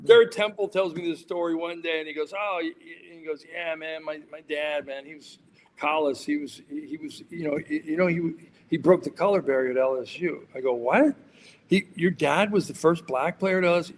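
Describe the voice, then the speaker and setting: A man's voice: on the high side, normal speed, in a large hall, a little hiss or hum. A man, a sports journalist and podcast guest, telling rambling anecdotes in casual chat, full of fillers and restarts.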